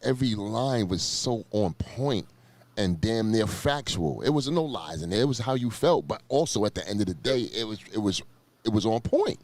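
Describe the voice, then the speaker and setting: A man with a very deep, low voice hosts a relaxed sit-down interview. He talks emphatically, circling back over his phrases to drive a point home. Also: normal speed, no echo. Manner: emphatic, repeats himself for stress. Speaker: interview host.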